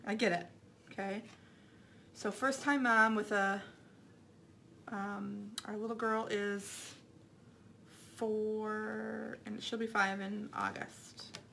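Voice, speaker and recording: Lady chatting while making crafts, bright voice, rambly, bit of hiss behind. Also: mid-range voice, flat delivery, slow pace, vocal fry, pauses often. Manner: rambling, restarts and repeats herself. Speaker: craft vlogger. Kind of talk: casual chat while crafting.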